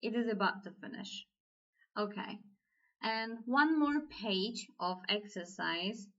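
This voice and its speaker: A woman with a Turkish accent teaching a language lesson, slow and patient, repeating each phrase. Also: medium pitch, lively intonation, a bit bright, dull audio.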